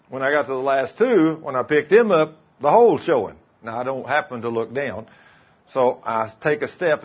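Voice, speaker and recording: Husky preacher telling a folksy story. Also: male voice, mid-range voice. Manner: folksy storytelling, drawling and emphatic. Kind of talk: sermon with personal testimony. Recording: muffled lo-fi sermon recording.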